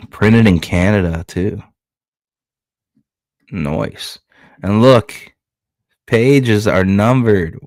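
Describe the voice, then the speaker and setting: A man's voice: lowish voice, a little mellow, dry recording. A man streaming as he reads through a comic book, with laid-back commentary and casual swearing. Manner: laid-back, swears freely, chuckles at credits.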